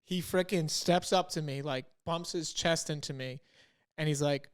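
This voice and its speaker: Young man telling an animated story. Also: on the high side, normal speed, clean tone. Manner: animated, quotes himself and others in dialogue. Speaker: podcast co-host. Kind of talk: casual storytelling.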